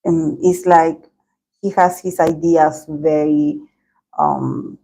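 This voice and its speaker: A woman giving a tarot reading in a video, talking in a meandering, hedging way with many pauses. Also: low-pitched, flat delivery, gravelly, mellow, rough recording. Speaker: tarot reader.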